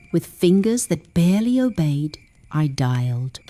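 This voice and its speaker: A woman narrating a first-person story for English learners in a slow, measured way, dropping to whispers at the tense moments. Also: fairly low pitch, very animated, warm tone, faint music behind.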